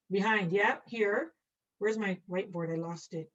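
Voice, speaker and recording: A woman's voice: mid-range voice, a little slow. Playful woman teaching over dull, distant audio. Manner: playful, self-mocking, quizzes students by name. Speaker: nursing instructor. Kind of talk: online lecture while drawing.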